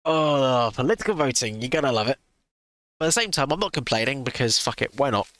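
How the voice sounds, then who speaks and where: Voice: mid-range voice, expressive, fast, fairly bright tone, dry recording. A streamer giving sarcastic live reaction commentary into a close desk mic, swearing freely.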